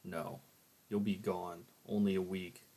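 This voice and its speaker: A man voicing a cold young woman who speaks flatly, curtly and quietly. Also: deep voice, unhurried, husky.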